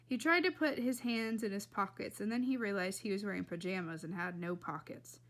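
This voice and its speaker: A woman reading a children's novel aloud in a lively, expressive way. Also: mid-range voice, a little fast. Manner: lively and expressive, laughs between passages. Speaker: reader.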